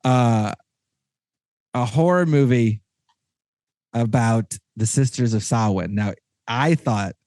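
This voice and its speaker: A man hosting a casual podcast chat with a Texan accent, rambling and excitable, with many restarts. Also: medium pitch, takes it slowly, pauses often, no room sound, studio quality. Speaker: podcast host.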